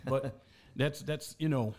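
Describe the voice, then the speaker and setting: A man telling an animated story as a podcast guest in a studio, laughing as he goes. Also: mid-range voice, slow pace. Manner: animated storyteller, laughs through his tale. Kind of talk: casual storytelling.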